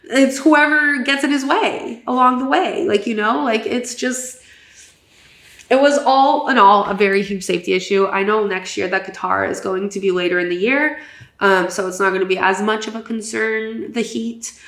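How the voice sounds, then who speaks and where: Young woman, podcast co-host, casual recap chat, filler-heavy, gravelly fry, echoey room. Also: mid-range voice, normal speed. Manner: chatty, filler-heavy, animated.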